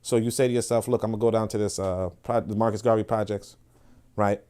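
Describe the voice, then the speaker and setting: A man hosting a podcast, talking in an animated, casual way with frequent restarts and asides to listeners. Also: fairly low pitch, fast, clear, resonant tone. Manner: laughs and asks listeners for agreement. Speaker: podcast host. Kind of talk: casual monologue.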